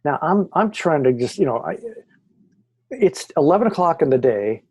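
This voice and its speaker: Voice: mid-range voice, moderate pace, slightly rough, no room sound. A guest on an interview show telling first-hand haunting stories, acting out the voices of the people and the recordings. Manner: animated, acts out quoted voices, frequent restarts. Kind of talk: conversational storytelling interview.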